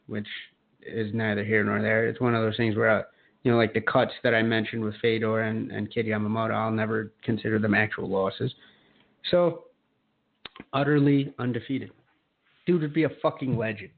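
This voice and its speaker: A man's voice: lowish voice, vocal fry. Profane ranting man on a tinny line. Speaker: podcast co-host. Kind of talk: casual chat. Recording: phone-like lo-fi sound.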